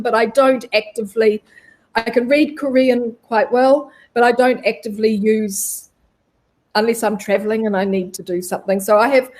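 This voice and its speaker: Nz lady guest on a talk show, bit high voice, rambly and friendly. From New Zealand. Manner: chatty, rambling, warm. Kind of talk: casual interview chat.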